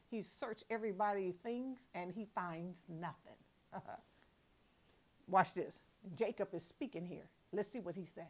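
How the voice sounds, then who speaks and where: A woman evangelist giving devotional Bible teaching. She reads scripture slowly and emphatically, then explains it in casual, chatty asides. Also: mid-range voice, expressive, darkish tone. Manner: laughs at herself, repeats words.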